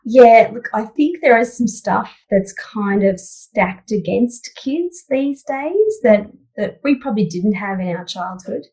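A woman's voice: medium pitch, lively intonation, unhurried, hardly any pauses, warm tone, poor audio. A woman psychologist answering interview questions in a thoughtful, conversational way, with many "you know" fillers. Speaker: psychologist guest.

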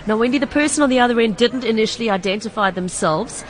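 A woman hosting a radio consumer call-in show, talking in a measured, conversational way. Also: on the high side. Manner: measured, conversational, reads listener messages aloud.

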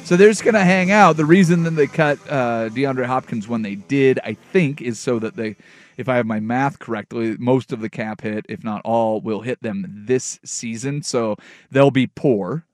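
A man hosting a sports radio show, giving relaxed analysis and bantering with his co-host. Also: medium pitch, normal speed. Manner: conversational, loud bursts of excitement.

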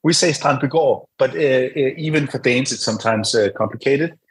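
A middle-aged man with a Danish accent, a guest on a podcast, speaking in a friendly, hesitant way full of pauses. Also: medium pitch, poor audio. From Denmark. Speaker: podcast guest, product director. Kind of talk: casual interview talk.

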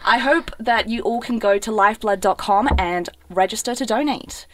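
A woman's voice: on the high side, moderate pace, fairly bright tone. A young woman, co-hosting a casual podcast chat in a chatty, enthusiastic way. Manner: chatty, enthusiastic, with many fillers. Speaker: co-host.

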